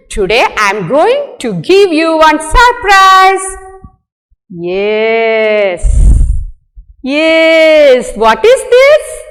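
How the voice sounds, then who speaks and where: Woman teacher, high animated sing-song voice, slow and coaxing, echoing hall sound. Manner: sing-song, coaxing, answers own questions. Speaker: kindergarten teacher. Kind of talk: online lesson for young children.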